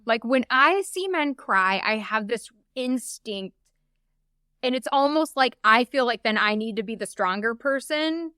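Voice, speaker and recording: Woman guest, candid conversational storyteller; bright, clear tone. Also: fairly high pitch, expressive, unhurried, dry recording, clean studio sound. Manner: chatty, open, frequent "like" asides. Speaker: podcast guest.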